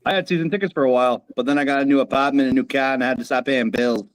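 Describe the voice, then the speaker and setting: A man's voice: medium pitch, very fast. A man from around Boston with a Boston accent, trading teasing banter as a caller on a live watch-party stream. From grew up around Boston, born in Indiana. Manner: teasing, argumentative.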